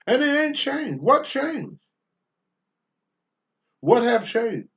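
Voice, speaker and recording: A man's voice: extremely high pitch, big pitch swings, very slow, fairly bright tone. An older man, a former pro wrestler, speaking bluntly and with profanity as a talk-show guest. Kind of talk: candid talk-show storytelling. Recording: dull lo-fi sound.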